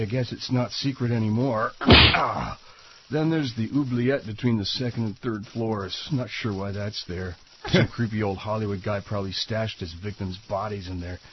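A man's voice: on the low side, highs cut off, a little hiss or hum, lightly acted. A man doing a bragging henpecked movie star. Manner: jokey, bragging, breaking into yelps and laughs. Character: boastful male movie star, nervous and henpecked. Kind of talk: comedy sketch impression.

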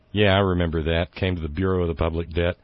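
Indignant low-voiced male radio host. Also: lo-fi sound. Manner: indignant, sarcastic, rambling with fillers. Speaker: radio talk show host. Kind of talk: political talk radio commentary.

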